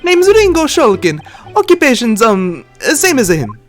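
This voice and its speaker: A man voicing an eager younger male thief who backs up his brother in a squeaky voice. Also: wildly swooping pitch, a little slow, a bit bright, faint music behind, heavily acted.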